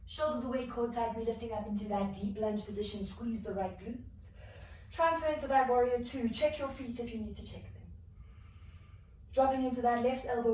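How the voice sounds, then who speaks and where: A woman leads a yoga flow in a calm, steady voice, slightly out of breath as she does the poses with the class. She sounds set back from the mic in a very echoey room, with a faint hiss underneath. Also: on the high side, recorded from a distance. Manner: calm, flowing cues with soft exhales between moves. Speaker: yoga instructor. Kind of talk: guided yoga class instruction.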